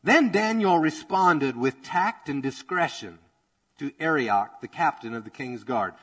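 Energetic man preaching, fairly high voice. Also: unhurried, low-quality recording. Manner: energetic, conversational, joking, with dramatized quotes. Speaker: pastor. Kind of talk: sermon.

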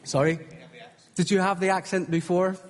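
A man leading a live healing service from the stage, encouraging the congregation and joking gently with them. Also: sits high, level tone, normal speed, heavy background noise. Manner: encouraging, gently humorous, calls out to the crowd. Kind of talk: live sermon ministry. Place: large hall with congregation. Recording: echoey hall with faint crowd.

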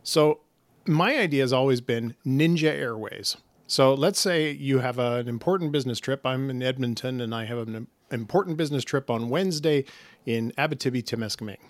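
A man, the show's technical producer, earnestly pitching a silly business idea with small hesitations. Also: a little fast, no echo. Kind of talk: comedy podcast banter.

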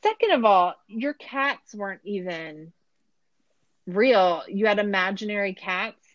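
A woman's voice: mid-range voice, animated, measured pace, a bit bright, no echo, dull audio. A woman hosting a podcast, recapping a show in a sarcastic, rambling casual chat with lots of filler words. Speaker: podcast host.

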